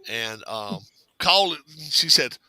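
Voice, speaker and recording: In a casual chat, a man tells a funny childhood story, drawling, laughing and acting out what others said. His mid-range voice is very animated, bright and forceful, unhurried in pace, and the recording is rough.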